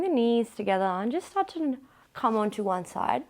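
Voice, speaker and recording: A woman's voice: a little high, very animated, moderate pace, a little mellow. A young woman leading a pilates workout, encouraging and counting down reps. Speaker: pilates instructor. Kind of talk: guided workout instruction.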